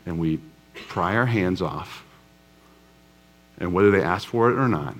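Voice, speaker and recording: A man preaching a sermon to a live congregation in a relaxed, storytelling way with touches of humor. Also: low voice, measured pace. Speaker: pastor. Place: church before a live congregation.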